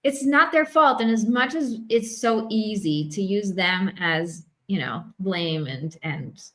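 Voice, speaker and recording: A woman's voice: on the low side, slow, poor audio. A woman host and marriage coach on a video call, talking enthusiastically with frequent restarts and asides. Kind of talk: conversational discussion.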